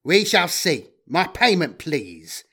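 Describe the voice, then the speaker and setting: Male reader as a sardonic, greedy trader, lively pitch. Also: slow, breathy edge, full character voice. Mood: smug. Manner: smug, sardonic.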